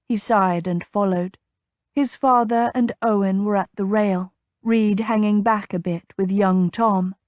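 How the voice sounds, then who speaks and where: Slow, measured woman audiobook narrator. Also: medium pitch, darkish tone, dry recording, studio quality. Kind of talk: scripted romance narration.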